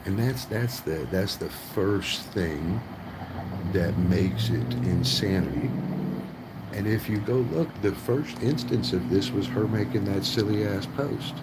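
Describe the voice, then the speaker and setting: A man's voice: fairly low pitch, measured pace, heavy background noise. A man ranting on his vlog in a profane, rambling way, forever tagging lines with right. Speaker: vlogger.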